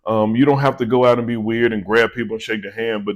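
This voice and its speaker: A man's voice: medium pitch, fairly even intonation, a little fast, hardly any pauses. A middle-aged man, a vlogger and small business owner, giving an earnest, conversational devotional talk to his viewers.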